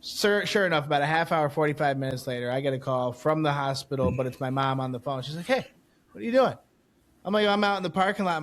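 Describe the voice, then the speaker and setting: A male podcast host with a slightly high voice, chatting casually and spinning a story. He acts out each exchange in his own retelling and swears freely as he heats up.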